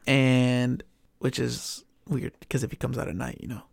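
A man telling a story in casual chat, animated and swearing often, with lots of filler words. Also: mid-range voice, measured pace, gravelly, dry recording, studio quality.

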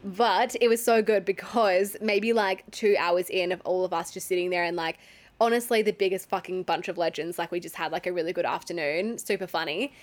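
A woman's voice: fairly low pitch, steady tone, brisk. Young Australian woman, casual storyteller; loose and chatty, peppered with fillers and curses. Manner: chatty, lots of fillers and swearing, laughs often.

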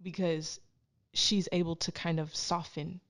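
A woman's voice: on the low side, unhurried. A woman from Canada, a podcast guest, telling personal stories in casual chat and acting out other people's voices. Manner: animated, acts out quoted voices.

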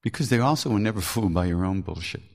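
Man, gravelly voice, lowish pitch, candid storytelling, swears, self-mocking. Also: expressive, quick pace. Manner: frank and earthy, swears and laughs at himself. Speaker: podcast host telling spiritual stories.

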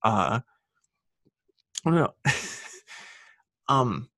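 A young man in casual podcast talk, rambling through his thoughts with plenty of "like" and "um". His voice has a gravelly edge, and it sounds dry and close. He's on a remote call mic. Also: mid-range voice, very animated, drawn-out words, a bit bright, no echo. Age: young adult. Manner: rambling, filler-heavy, laughs often. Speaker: podcast host. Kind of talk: casual chat.

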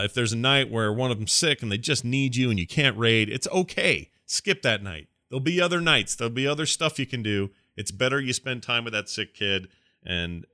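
A middle-aged man co-hosting a podcast in a loose, rambling way, stopping for fillers. His voice sits low but rings bright. The close studio mic leaves it dry, with no room sound. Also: clean tone, no echo. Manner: rambling, relaxed, many fillers. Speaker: podcast co-host. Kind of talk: casual podcast chat.

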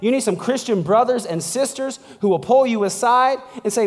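A man's voice: very high voice, moderate pace, big-room sound. A man preaching as a pastor in a casual, conversational sermon, chatty and laughing, tossing in "like" and "right?" as he goes. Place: church.

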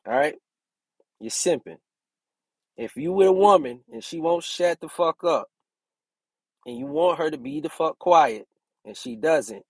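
A man's voice: on the high side, creaky, husky, dry recording. A brash young man hosting his own podcast, talking casually and preaching with plenty of profanity. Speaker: podcast host and relationship coach.

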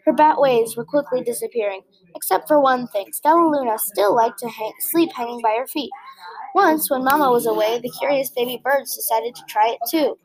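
A woman reading a children's picture book aloud in a gentle, expressive way, with small slips. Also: fairly high pitch, moderate pace, low-quality recording. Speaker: storybook reader.

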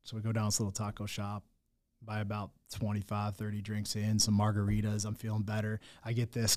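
A man's voice: fairly low pitch, completely flat delivery, fairly quick, darkish tone. A young man telling his own hard story in candid talk, blunt and full of swearing and restarts. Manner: raw, blunt, swears often, many restarts.

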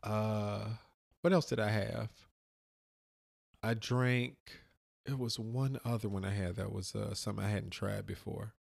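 A middle-aged podcast co-host chats casually and profanely about his trip, telling the story with animation and acting out what people said. His fairly low, gravelly voice is a little slow, with long pauses.

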